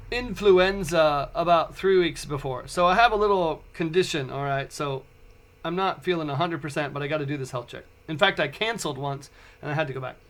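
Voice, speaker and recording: A man in his forties, a podcast host, telling a personal story in a casual, animated way with frequent stumbling restarts. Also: high-pitched. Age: 40s.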